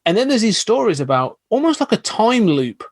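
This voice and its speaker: A man's voice: sits high, big pitch swings, fairly quick, no room sound. A man, a podcast guest, telling stories in an enthusiastic, rambling, casual way. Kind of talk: casual chat.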